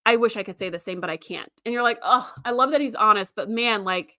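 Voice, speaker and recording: A woman's voice: a little high, fast, sharp tone, no echo, clean studio sound. A young adult woman hosting a livestream, chatting casually and emphatically, reading out chat comments. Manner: chatty and emphatic, with frequent fillers. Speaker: show host.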